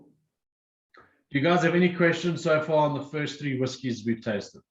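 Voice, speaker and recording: A man's voice: fairly high pitch, a little slow, roomy sound, muffled recording. A man presenting a whiskey tasting and explaining each drink step by step. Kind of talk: guided tasting talk.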